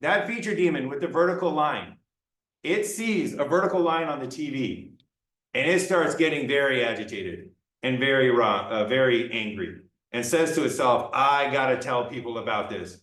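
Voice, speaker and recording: A man's voice: medium pitch, animated, normal speed, a bit bright. A man giving a classroom lecture in a playful way, acting out examples for students. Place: lecture room. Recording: roomy lecture room, mic far off.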